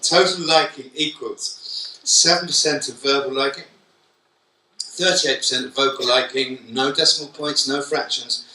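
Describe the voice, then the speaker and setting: A man delivers a keynote in a conference hall, lively and joking as he throws questions straight at the audience. His voice is very bright and sharp-edged. It is picked up from a distance, with the hall's echo ringing around it. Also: mid-range voice, unhurried. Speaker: keynote speaker. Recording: echoey hall from far off.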